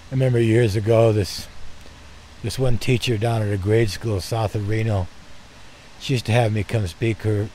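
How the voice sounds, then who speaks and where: An older man telling personal stories in a gentle, heartfelt way, speaking to his listeners as dear friends. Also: fairly low pitch, slight background noise. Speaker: storyteller. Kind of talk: personal storytelling.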